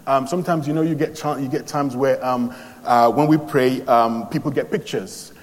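A man's voice: mid-range voice, steady tone, moderate pace. Young man preaching in a reverberant church hall, earnest delivery and frequent fillers. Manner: earnest, retelling scripture with quoted voices, many fillers. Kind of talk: sermon.

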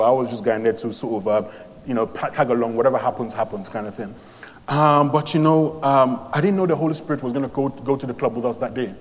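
A man from London telling his conversion story as a sermon testimony, animated, with many fillers and restarts. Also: mid-range voice, in a large hall. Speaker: preacher giving testimony.

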